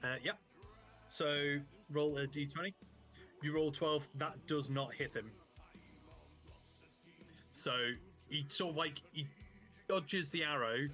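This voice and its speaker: A man narrating as game master in a casual, rambling way, with a bright, forceful voice. His speaking pitch sits a little high for a man, and soft music plays behind him. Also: slow pace, long pauses. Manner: casual, rambling, many fillers and restarts.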